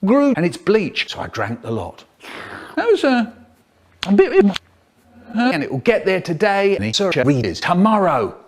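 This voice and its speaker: A man's voice: fairly high pitch, huge pitch swings, moderate pace, soft background music. A man, telling comic stories in a theatrical way and jumping between voices. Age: 70s. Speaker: children's storyteller. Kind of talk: spliced comic storytelling.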